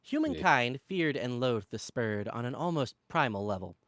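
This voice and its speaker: A man reading a fantasy novel aloud in an expressive, animated way. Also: medium pitch, moderate pace, dry recording, studio quality. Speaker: reader.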